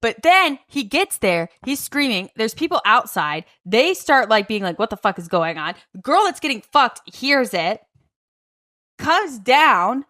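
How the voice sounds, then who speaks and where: Female podcast co-host, bright tone, loose and conversational. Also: high-pitched. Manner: fast, casual storytelling with frequent fillers and cursing. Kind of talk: casual chat.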